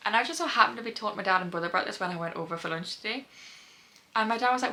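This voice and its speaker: Bright-voiced young woman with light Geordie accent. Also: medium pitch, animated, racing. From North East England. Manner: chatty, rambling, wanders into tangents. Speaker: book vlogger. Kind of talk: casual chat to camera.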